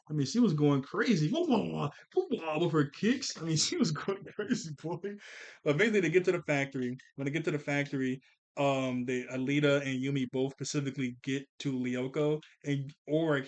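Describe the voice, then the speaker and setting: A man recapping a cartoon episode in a casual, excitable, rambling way, talking fast and correcting himself as he goes. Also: mid-range voice. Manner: talks fast. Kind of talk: casual spoken review.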